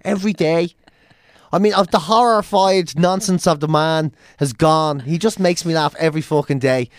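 A man's voice: a little high, moderate pace, no room sound, clean studio sound. A middle-aged Irish man chatting casually as a co-host, swearing freely and telling stories with laughs. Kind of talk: casual chat.

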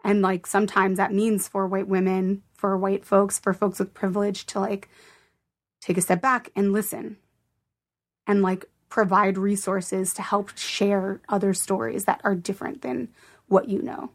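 A woman's voice: mid-range voice, level tone, a little slow. A woman guest on a podcast speaking earnestly in casual conversation, leaning on "like" as she thinks aloud. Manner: earnest, fillers of "like", thoughtful.

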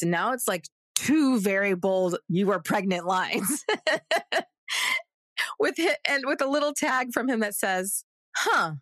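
A woman in her thirties, an actress guest on a podcast, telling a story casually and acting out the people she quotes. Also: no echo. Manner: animated, acts out quoted voices with big pitch jumps.

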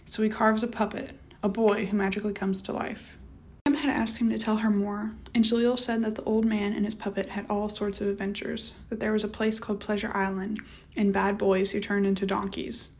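A woman narrating an audiobook novel in a measured, steady reading. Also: medium pitch. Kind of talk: scripted narration.

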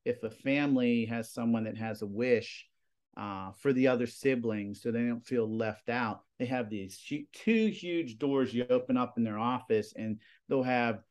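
A man in his forties, a high school TV production teacher, telling stories in a casual interview with lots of fillers. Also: moderate pace, darkish tone. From Pennsylvania. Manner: rambling, filler-heavy storytelling with lots of "you know" and "like".

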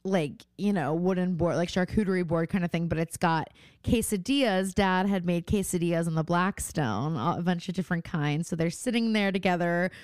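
A woman's voice: on the low side, normal speed, clear, resonant tone, dry recording, studio quality. A woman co-hosting a podcast, telling a family story in casual chat, full of "like" and "um". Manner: animated storytelling, lots of "like" and "um". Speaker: podcast co-host.

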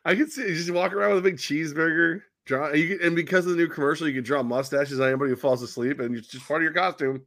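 A man's voice: a little high, very fast, hardly any pauses, a bit bright, no echo, studio quality. A man co-hosting a casual sports show who teases his partner and rambles with lots of fillers. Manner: teasing, rambling with many fillers. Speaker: podcast co-host.

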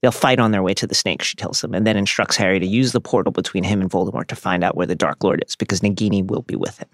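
A man hosting a podcast, reading a scripted literary analysis in a steady, measured way. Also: deep voice, no echo, clean studio sound. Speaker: podcast host.

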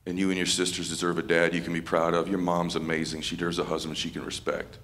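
A man voicing a tearful, gentle middle-aged father who speaks quietly and haltingly. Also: deep voice, completely flat delivery, pitched below the performer's own voice. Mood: tearful, resolute.

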